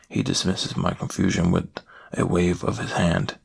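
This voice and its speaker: A man giving a slow, hushed first-person reading of a creepy story in soft-spoken ASMR narration, close to the mic. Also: low voice, flat delivery, gravelly, husky.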